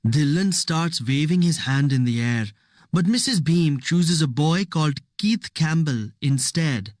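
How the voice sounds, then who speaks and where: Unhurried woman narrating an audiobook. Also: deep voice, lively intonation, a little mellow, no echo, clean studio sound. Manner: measured, unhurried storytelling. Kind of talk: first-person audiobook narration.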